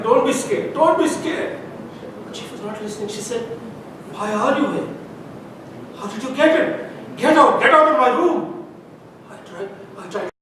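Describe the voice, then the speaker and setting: An actor rehearsing the role of an anguished father, recounting events in a halting, stammering way, recorded in a rehearsal room. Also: close to an everyday voice. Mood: frantic. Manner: halting, stammering, repeating words. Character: anguished father telling of a night with his daughter. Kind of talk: stage drama rehearsal. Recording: echoey room, distant mic, hiss and rumble.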